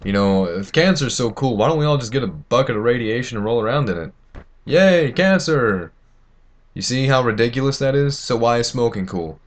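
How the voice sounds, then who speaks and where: A man's voice: mid-range voice, fast talker, hardly any pauses. A teenage boy ranting to camera, indignant and rambling, with many fillers and restarts. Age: teens. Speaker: vlogger. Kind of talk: opinion rant to camera.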